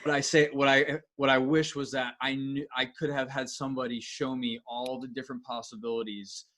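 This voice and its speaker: A man at a medium pitch asks questions in a friendly, rambling way. He restarts his sentences as he thinks aloud. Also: level tone, fairly quick, fairly bright tone. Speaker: podcast co-host. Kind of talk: casual podcast interview.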